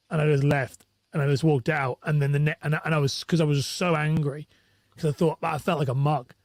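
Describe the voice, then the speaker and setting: A man's voice: fairly high pitch, fairly even intonation, fast, no echo. A man with a British accent, a mortgage broker, chatting casually and telling a rambling, candid story with restarts and the odd swear word. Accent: British English. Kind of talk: casual podcast chat.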